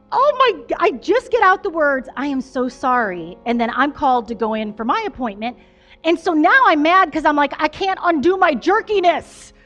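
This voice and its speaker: A woman pastor with a high voice tells a story from the pulpit in a chatty, self-deprecating way, full of fillers. Faint music plays underneath. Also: a bit bright. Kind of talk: conversational storytelling sermon.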